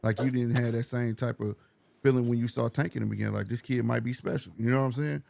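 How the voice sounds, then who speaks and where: A man co-hosting a boxing talk show, making his points in fast casual debate. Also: medium pitch, fairly even intonation, vocal fry, dark tone, slight background noise. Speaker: boxing podcast co-host.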